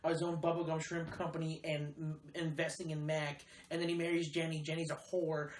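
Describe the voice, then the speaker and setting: A man's voice: on the high side, little pitch movement, a little fast. A young man hosting a casual chat, rambling through movie plots, swearing a lot and hedging with "like". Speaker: host. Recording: roomy echo, faint noise.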